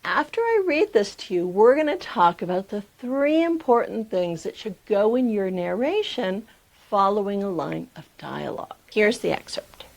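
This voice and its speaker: A woman coaching memoir writers, giving a clear, emphatic lesson straight to camera. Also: medium pitch, sing-song, normal speed, hardly any pauses. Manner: emphatic, clear teaching delivery. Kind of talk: instructional talk to camera.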